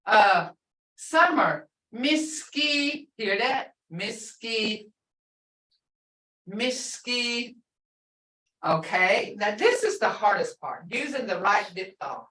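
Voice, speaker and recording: With a medium-pitched, sing-song voice that is bright and forceful, an older woman teaches a language class over video call at a measured pace. She patiently stretches out words to show their sound, recorded roomily from well off the mic.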